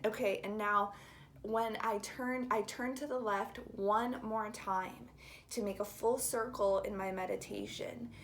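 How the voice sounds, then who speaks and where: A young woman telling a personal story in a soft, halting, heartfelt way, sometimes dropping to a whisper. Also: mid-range voice, steady tone, slight background noise. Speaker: vlogger.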